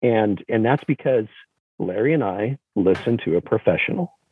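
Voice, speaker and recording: A man's voice: on the low side, expressive, moderate pace, a little hiss or hum. A man hosting a podcast, upbeat and joking as he hands the floor to his guest and thanks the listeners. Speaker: podcast host. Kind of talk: casual podcast chat. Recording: slightly dull, faint music behind.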